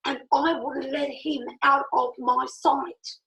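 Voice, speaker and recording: Animated storytelling woman, high gravelly voice. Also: takes it slowly, rough recording. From Italy. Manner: animated, acts out quoted dialogue, laughs often. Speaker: speaker. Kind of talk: personal storytelling.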